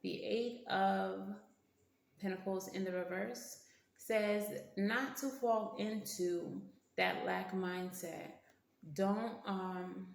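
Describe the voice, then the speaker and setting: A woman's voice: medium pitch, steady tone, slow pace, vocal fry. A woman giving a casual tarot reading, blunt and slangy, cursing freely and talking to her cards. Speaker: tarot reader. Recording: roomy echo.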